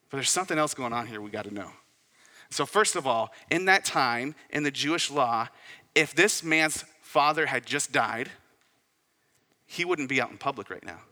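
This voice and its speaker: A male pastor with a bright, forceful voice delivers a sermon, talking casually and putting rhetorical questions to the congregation. His voice rings out with a long reverb, as if filling a church sanctuary. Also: mid-range voice. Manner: conversational, asks the listeners rhetorical questions.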